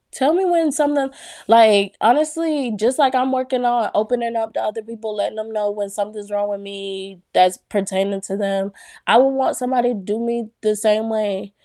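A woman's voice: fairly high pitch, normal speed, no room sound, clean studio sound. A young woman, chatting casually on her own show, with lots of "y'all" and laughs between thoughts. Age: young adult. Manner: chatty, animated, frequent "like" and "y'all", laughs often. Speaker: podcast host. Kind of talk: casual solo talk.

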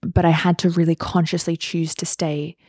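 A woman hosting a podcast, telling a personal story in a candid, reflective way with soft fillers. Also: lowish voice, little pitch movement, moderate pace, breathy edge, no room sound, clean studio sound. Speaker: podcast host.

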